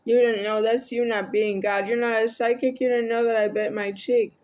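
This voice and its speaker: A woman's voice: a little high, little pitch movement, normal speed, a little mellow. A woman vlogging a rambling, argumentative monologue to camera, addressing an unseen listener.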